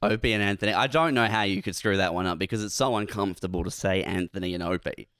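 An Australian man co-hosting a comedy podcast, teasing and animated, often cutting in. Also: deep voice, fast talker, smooth, no echo, studio quality. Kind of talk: casual chat.

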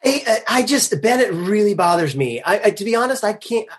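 Husky man, halting speech. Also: high voice, very animated. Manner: halting, hesitant restarts. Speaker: podcast guest. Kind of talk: casual recap chat.

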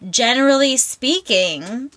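Bright-voiced young woman podcast host. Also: high-pitched, takes it slowly, no echo. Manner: animated, opinionated, laughs often. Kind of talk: casual chat.

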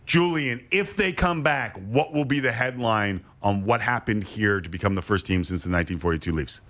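A man's voice: fairly low pitch, a bit bright. A man hosting a sports talk panel. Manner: brisk, joking quiz-style moderating. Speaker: sports talk show host.

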